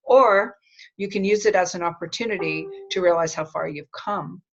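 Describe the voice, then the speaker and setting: A woman's voice: fairly low pitch, normal speed. Encouraging woman coach on a muffled call. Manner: encouraging, reassuring. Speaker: writing coach and webclass host.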